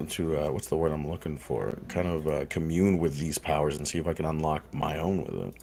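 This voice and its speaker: A man's voice: a bass voice, a little fast, creaky, dark tone. A man playing a tabletop game, speaking hesitantly and repeating words as he searches for them. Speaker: player.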